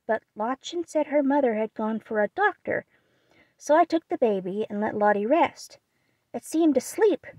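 A woman voicing a gentle, shy young girl. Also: fairly high pitch, no echo, voice pushed up. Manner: soft, quiet, earnest. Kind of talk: audiobook reading.

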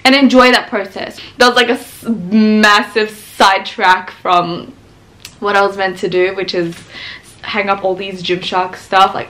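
A young woman in her twenties chats to a handheld camera at home in a casual vlog. She is excitable and laughs easily. Her voice sits at an ordinary middle pitch. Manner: chatty, excitable, laughs often. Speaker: vlogger. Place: at home, indoors.

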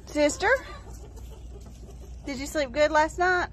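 A woman's voice: on the low side, sing-song, unhurried. A woman filming her farm animals outdoors on a phone, talking to them in affectionate baby talk and chatting to viewers. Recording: faint outdoor background noise. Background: chickens clucking and roosters.

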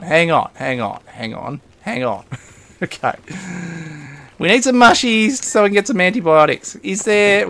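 Gravelly-voiced man rambling over gameplay. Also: on the high side, fairly bright tone. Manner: rambling, self-talking, chuckles often. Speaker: gaming host. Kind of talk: casual let's-play commentary.

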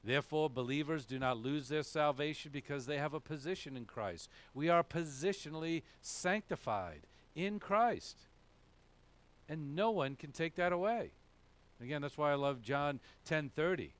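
Man, pastor, sermon, emphatic, asks and answers own questions, fairly high voice. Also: animated, moderate pace.

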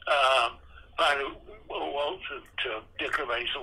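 Slightly slow and gravelly, this man in his eighties speaks at medium pitch with fairly even intonation and a sharp tone. He's a retired theme park designer telling frank, salty stories as an interview guest, reenacting past exchanges; the low-quality audio carries a little hiss or hum.

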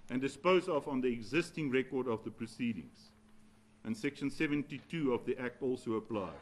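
A man, an advocate arguing formally in a courtroom, measured and deferential, with some hesitations. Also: medium pitch, rough recording. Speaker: advocate addressing a judge.

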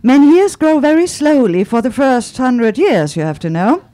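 A woman's voice: high-pitched, very animated, moderate pace, warm tone, dry recording, pitched above the performer's own voice. A woman playing a wry Breton shopkeeper. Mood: playful coaxing. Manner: playful, coaxing sales patter. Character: wry male Breton shopkeeper selling stone seeds.

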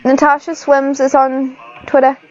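A woman's voice: high voice, little pitch movement, a little slow, a little mellow, lo-fi sound. A woman, chatting and giggling casually as she talks through a computer game for her channel. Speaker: gaming channel host. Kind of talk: casual screen-recorded gameplay commentary.

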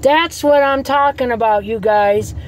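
A woman's voice: on the high side, measured pace, a little hiss or hum, rough recording. Blunt, fired-up woman ranting in a car. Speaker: vlogger. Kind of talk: casual ranting vlog.

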